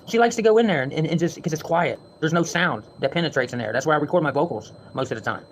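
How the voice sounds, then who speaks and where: A man's voice: on the high side, expressive, quick pace, slight background noise. A man ranting to his viewers from home, heated and defensive, with frequent swearing. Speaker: vlogger.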